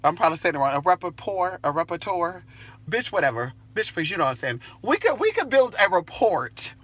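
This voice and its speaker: Sassy woman going off at the bus stop on her phone, cussing a lot, real bright sharp voice. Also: fairly low pitch, big pitch swings, a little fast, husky. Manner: brash, profane, sassy. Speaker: vlogger. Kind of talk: casual rant to camera.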